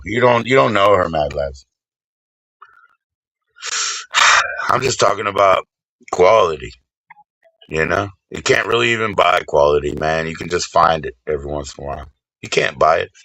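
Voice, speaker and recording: A man streaming live, rambling and swearing casually while he shouts out viewers by name. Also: fairly low pitch, vocal fry, no echo, poor audio.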